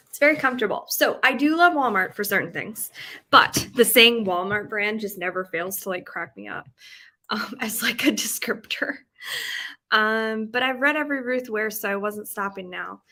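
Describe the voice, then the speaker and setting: A woman's voice: mid-range voice, bright, forceful tone. A woman hosting a live reading stream, chatting casually with her viewers in a bubbly way, full of "like" and "um". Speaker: book-reading livestream host.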